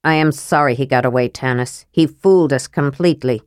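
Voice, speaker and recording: A woman's voice: rumbling low, fairly quick, clean tone, no room sound, studio quality, pitched below the performer's own voice. A woman voicing a stern, proud male knight from a storybook, speaking in a clipped, grim way.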